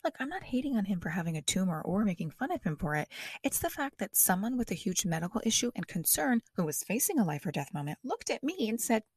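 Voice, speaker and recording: A woman's voice: medium pitch, sing-song, quick pace, husky, dry recording, studio quality. A woman podcast host trying out new stand-up material, chatty and self-deprecating, rambling through restarts as she tells a story. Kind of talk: stand-up comedy trial on a podcast.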